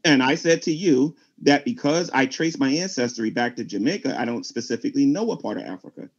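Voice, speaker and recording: A man's voice: medium pitch, lively intonation, brisk, dull audio. A man arguing as a Christian in a heated online debate, preachy and talking over others.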